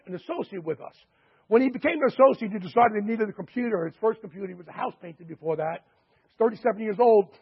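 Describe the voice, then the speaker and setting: A man pitching a membership through chatty anecdotes full of quoted dialogue and fillers, in a dull lo-fi recording. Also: husky. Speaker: sales presenter. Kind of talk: sales pitch storytelling.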